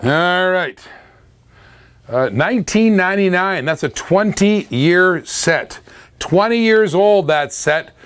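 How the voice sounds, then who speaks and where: A middle-aged man running a live online auction in an upbeat, chatty patter. His voice sits a touch high for a man, and he keeps the energy up by hyping each item and filling the gaps with hummed scat tunes. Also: expressive, takes it slowly, smooth. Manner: upbeat, hypes items, hums and scats between lots.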